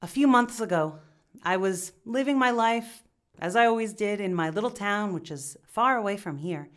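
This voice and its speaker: A woman's voice: mid-range voice, animated, normal speed, lightly acted. A woman telling it as a guilt-ridden young villager. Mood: remorseful. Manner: confessional, stammering with restarts.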